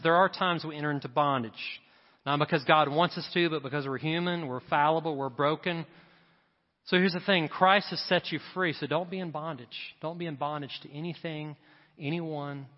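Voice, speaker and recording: Pastor preaching in a reverberant hall. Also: male voice, on the high side. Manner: preaching with rising emphasis and quick asides. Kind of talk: sermon. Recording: dull sound with long hall reverb.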